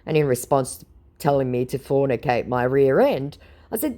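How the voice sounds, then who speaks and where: Woman, sarcastic, mocking, reading chat logs, mellow, lively intonation. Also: rumbling low, normal speed. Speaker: scam-baiting video host.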